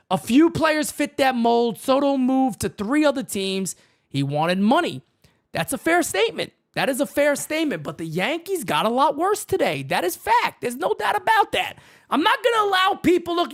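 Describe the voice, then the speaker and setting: Fired-up shouting sports talk host man. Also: very high voice. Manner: fiery, repetitive, profane, shouts often. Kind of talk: heated sports talk rant.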